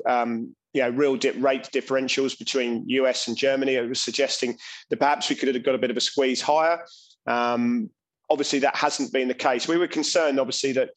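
A man's voice: mid-range voice, low-quality recording. Hesitant man walking through charts. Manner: hesitant, many ums and restarts. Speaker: co-host of trading show. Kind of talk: casual market chat. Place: home.

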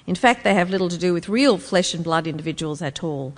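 A woman's voice: on the low side, lively intonation, fairly quick. Woman giving a lecture, wry and punchy, bit of hall echo. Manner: wry, emphatic, rhetorical. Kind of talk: public lecture.

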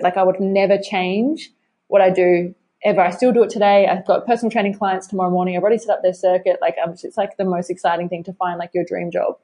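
Fast chatty woman. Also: mid-range voice, dark tone. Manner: fast, chatty, many likes, acts out quotes. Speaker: podcast guest, fitness trainer. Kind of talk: casual interview chat.

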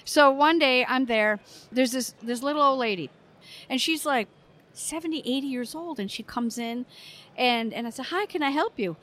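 A middle-aged woman from the United States tells stories with energy and animation. She slips into the voices of the people in her anecdotes. Her voice sits a little high. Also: moderate pace, a little hiss or hum. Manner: lively anecdotes, acts out quoted customers. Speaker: guest, brewer. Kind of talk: conversational storytelling.

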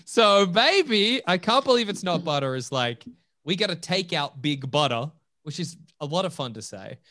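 A man's voice: fairly high pitch, moderate pace, dry recording. Jokey podcast guy, laughs a lot, voice bounces all over, dry mic. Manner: laughs often, animated and jokey. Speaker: podcast co-host. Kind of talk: casual chat.

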